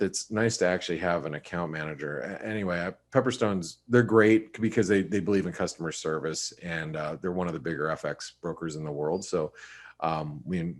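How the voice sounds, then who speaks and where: A man giving casual, rambling market commentary on a webinar, with many restarts and fillers. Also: deep voice. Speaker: market analyst co-host.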